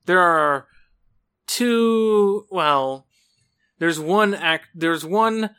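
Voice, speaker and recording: A man's voice: high-pitched, very slow, bright, forceful tone, smooth. A man chatting casually as a podcast co-host, rambling and hesitant, with many restarts. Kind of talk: casual chat.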